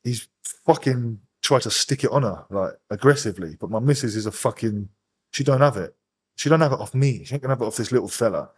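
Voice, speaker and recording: A young man, a podcast guest, bluntly retelling events with heavy swearing and animated energy. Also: mid-range voice, fast talker, husky. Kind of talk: casual interview storytelling.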